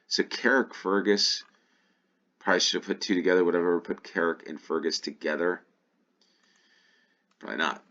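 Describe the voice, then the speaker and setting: American man, very deep voice, casual game commentary, muses aloud. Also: fairly even intonation, normal speed, long pauses, a bit bright, lo-fi sound. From United States. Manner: musing aloud, thinking to himself. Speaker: gaming YouTuber. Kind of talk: casual play-along commentary.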